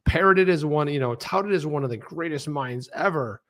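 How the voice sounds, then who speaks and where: A man's voice: a little high, moderate pace. A man co-hosting a crypto talk livestream, talking casually and sarcastically, often slipping into mocking quoted voices. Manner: animated, sarcastic, mimics people in quoted voices. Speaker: co-host of a crypto talk show.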